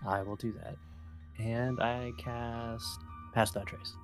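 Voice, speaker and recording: A man's voice: medium pitch, flat delivery, takes it slowly, over music. A man playing a tabletop game, easygoing in casual chat, reading rules aloud in a mumble. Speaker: player.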